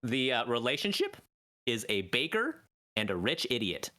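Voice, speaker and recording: A man's voice: mid-range voice, huge pitch swings, normal speed, pushed and bright. A man hosting a podcast, leading improv games in a rambling, mock-teacherly way full of fillers. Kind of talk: casual chat.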